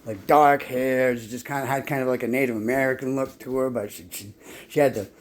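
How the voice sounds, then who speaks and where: A man's voice: mid-range voice, steady tone, fairly quick, a little hiss or hum. A man telling his life story in a rambling, casual monologue, swearing constantly and often stumbling and repeating words as he restarts his sentences. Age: adult.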